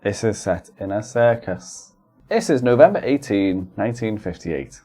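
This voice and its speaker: A low-voiced man co-hosting a podcast, joking around in loose, casual chat. He is playful and silly, and he keeps slipping into goofy voices. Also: expressive, normal speed, warm tone. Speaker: podcast co-host.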